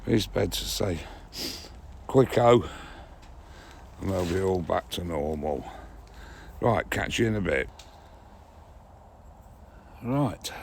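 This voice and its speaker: Low, slow-talking man with a cold. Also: slight background noise. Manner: chatty, homely, addresses viewers as folks. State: has a head cold, sniffly. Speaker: gardening vlogger. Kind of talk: casual vlog chat. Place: outdoors at an allotment on a frosty day, later in a car.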